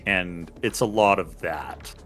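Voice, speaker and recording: A man's voice: low voice, slow, a bit bright, faint music behind. A man playing a tabletop role-playing game, casually describing what his character does, with some swearing. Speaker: player.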